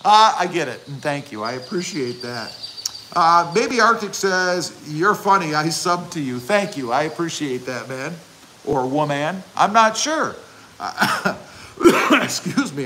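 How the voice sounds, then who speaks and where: A man hosts a relaxed livestream, answering viewer comments one by one with a chatty, joking manner and the odd playful bout of self-promotion. His voice sits a little high and rings bright and forceful. A faint hiss of background noise sits under the recording. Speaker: channel host reading live chat. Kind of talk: casual livestream chat.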